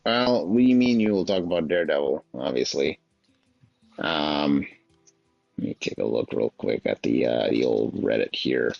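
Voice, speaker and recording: A laid-back American host trading jokes in a casual chat. His low voice is gravelly and sounds dull, as if recorded on a lo-fi mic, with no room echo. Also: animated, moderate pace, a little mellow, soft background music. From United States.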